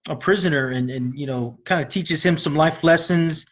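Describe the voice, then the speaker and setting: In a loose conversation on the movie review show he co-hosts, this man rambles, laughs frequently between ideas, and leans on lots of fillers. His voice is a little high, and he speaks at a moderate pace.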